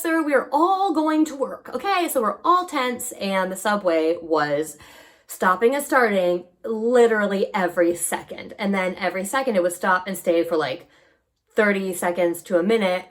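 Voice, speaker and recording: Animated woman vlogger from New York. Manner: animated, swings between hushed asides and excited highs. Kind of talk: casual storytelling to camera.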